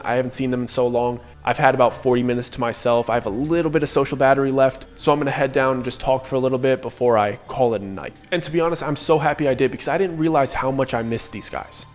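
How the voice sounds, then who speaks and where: A young man casually narrating a first-person horror story in an animated, conversational way. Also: medium pitch.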